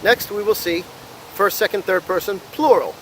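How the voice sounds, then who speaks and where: An American man teaching an Italian lesson, slowly and carefully sounding out each verb form for learners. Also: high-pitched, a little hiss or hum, poor audio. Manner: slow, careful modeling of Italian words. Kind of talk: language lesson.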